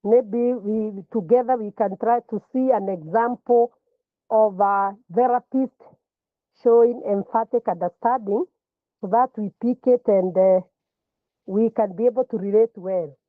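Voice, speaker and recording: A woman's voice: medium pitch, measured pace, no echo. Woman lecturing over a tinny line. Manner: repeats words and restarts while explaining. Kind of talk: classroom lecture.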